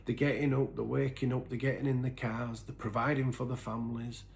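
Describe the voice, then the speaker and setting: Gravelly man, confessional. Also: mid-range voice, level tone, a little hiss or hum. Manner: earnest, halting, with many restarts; sinks to a soft, breathy near-whisper at painful moments. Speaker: recovery vlogger. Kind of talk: personal confessional storytelling.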